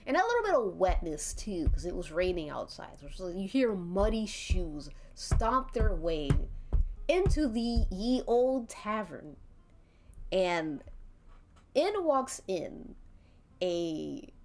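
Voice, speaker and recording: A woman's voice: lowish voice, very animated, slow pace, slight background noise. Giggly woman streamer telling a story. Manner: giggly, often breaks off laughing and restarts. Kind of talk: live-streamed interactive storytelling with chat.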